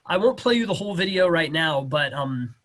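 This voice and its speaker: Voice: mid-range voice, expressive, a little fast, fairly bright tone. A teacher narrating and directing a class play over a video call, in a cheerful, directing manner.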